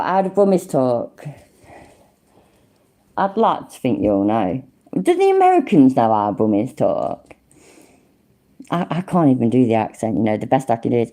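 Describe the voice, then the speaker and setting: Casting: low-voiced woman, East Midlands accent, chatty, swears a lot, laughs often, livestream host. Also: big pitch swings, measured pace, long pauses, warm tone. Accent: East Midlands English. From English Midlands. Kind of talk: casual livestream chat with viewers.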